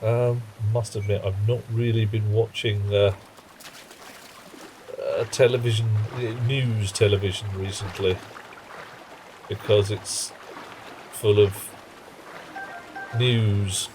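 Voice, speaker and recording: Slow, easygoing man streaming a game. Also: fairly low pitch, a little hiss or hum. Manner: relaxed, rambling, chatting to viewers between game remarks. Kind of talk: casual live-stream commentary while playing.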